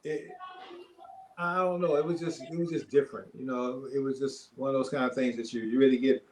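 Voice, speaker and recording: An older man, a former basketball player, telling stories as a podcast guest in a relaxed, rambling way with many fillers. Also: medium pitch, brisk, rough recording. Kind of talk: casual storytelling.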